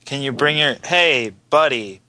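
A man's voice: mid-range voice, measured pace, pushed and bright. A man joining a prank call who talks in a teasing, jokey way.

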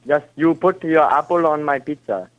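A man with an Indian accent on a phone call who talks haltingly, stuffing his sentences with fillers and insisting on his point. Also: on the high side, dry recording. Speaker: prank call target. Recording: muffled phone line.

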